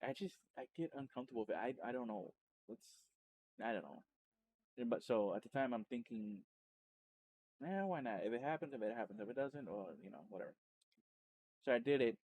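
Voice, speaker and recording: A man, a streamer and podcast host, telling his story in a loose, rambling way, full of restarts and self-corrections, and getting animated when he retells exciting moments. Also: medium pitch, fairly quick, long pauses. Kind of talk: casual personal storytelling.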